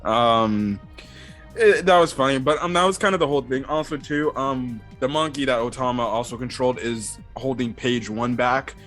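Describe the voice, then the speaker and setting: A man's voice: medium pitch, normal speed, a bit bright. A young man giving casual episode-recap commentary in a rambling way, with lots of filler words. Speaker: anime episode reviewer. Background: faint background music.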